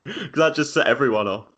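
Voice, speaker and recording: A man's voice: mid-range voice, fairly bright tone. A man co-hosting a football podcast, chatting casually with short, easygoing replies. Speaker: podcast co-host. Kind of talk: casual chat.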